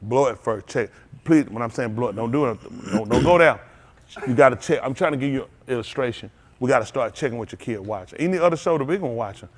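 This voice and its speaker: A middle-aged man, preaching an animated sermon as pastor, laughing and calling out to the congregation. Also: mid-range voice, quick pace. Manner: animated preaching with laughs and audience call-outs.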